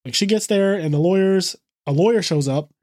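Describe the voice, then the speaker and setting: A man with a fairly high voice recaps a show on a podcast, loose and profane. He acts out the characters' lines as he goes. The sound is dry and close. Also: fairly quick, darkish tone, dry recording. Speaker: podcast co-host.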